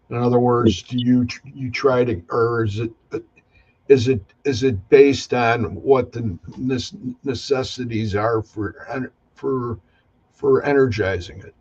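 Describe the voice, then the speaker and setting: A man's voice: medium pitch, husky, muffled recording. A man hosting a casual chat, asking rambling questions with many restarts. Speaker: host. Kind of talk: casual video call chat.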